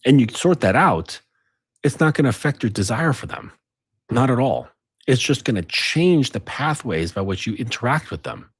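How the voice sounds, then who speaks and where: A man's voice: mid-range voice, expressive, moderate pace, husky, no echo, studio quality. A man giving dating advice in a casual monologue, insistently tagging lines with questions. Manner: insistent, repeats tag questions. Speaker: dating coach.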